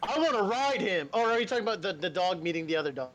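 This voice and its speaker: A man co-hosting a casual anime podcast, telling stories in a profane, animated way and laughing often. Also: high voice, fast talker. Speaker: podcast co-host.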